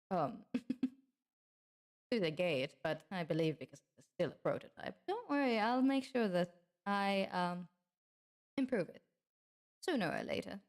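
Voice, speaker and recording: A woman's voice: medium pitch, animated, unhurried, long pauses. A woman streamer chatting in character with viewers at her debut, theatrical and affectionate, calling them darling. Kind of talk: in-character livestream debut chat.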